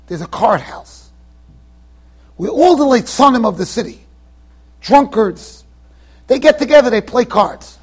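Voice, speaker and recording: High-voiced husky rabbi telling a story. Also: male voice. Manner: animated storyteller, chatty asides to students. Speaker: rabbi giving a Torah class. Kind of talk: storytelling lecture. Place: yeshiva study hall.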